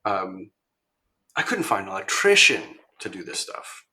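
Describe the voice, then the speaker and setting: Casual storytelling from a man with a low, bright, forceful voice. He rambles through his story with plenty of ums and restarts. He livens up whenever he quotes someone else. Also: unhurried. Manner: rambling, many ums and restarts, animated when quoting others. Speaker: podcast guest, machine shop owner.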